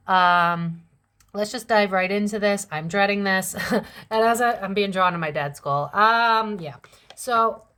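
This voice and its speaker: A woman's voice: medium pitch, fairly bright tone, clear, resonant tone. A young adult woman giving a casual tarot reading to camera, chatty and blunt, with slang and swearing. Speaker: psychic tarot reader.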